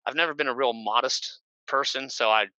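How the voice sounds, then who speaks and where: A bit on the fast side, this Oregon guest on a podcast tells casual, wandering stories riddled with fillers and do-overs, punctuated by shrill shouted imitations. The audio is lo-fi and free of room sound.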